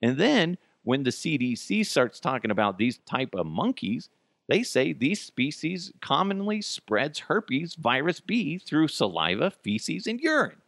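A man's voice: medium pitch, sing-song, unhurried, vocal fry, fairly bright tone, no echo. A male podcast host delivering a comedic news rant, profane and sarcastic, wandering off on tangents. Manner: tangents and laughter-breaks.

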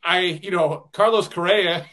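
A male radio broadcaster guests on a podcast in casual conversation. He rambles through anecdotes, often starts his sentences over and chuckles as he goes. His voice sits a little high. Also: unhurried, a bit bright. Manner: rambling storyteller, many restarts, chuckles often. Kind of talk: casual interview chat.

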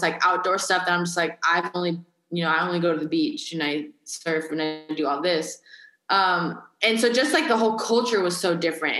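A woman's voice: fairly low pitch, bright, forceful tone. A young woman from California, a college athlete, chatting casually in an interview and filling her talk with "like". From Carlsbad, California. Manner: chatty, heavy use of "like". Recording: echoey room.

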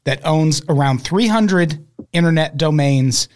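Man, podcast guest, storytelling, wry, slightly high-pitched. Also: unhurried, darkish tone. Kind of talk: casual chat, summarizing a documentary.

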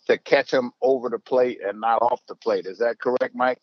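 A man's voice: medium pitch, steady tone, moderate pace, no room sound, highs cut off. An older man telling baseball stories in a rambling, casual way, full of fillers and restarts. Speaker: baseball manager, interview guest. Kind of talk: casual storytelling.

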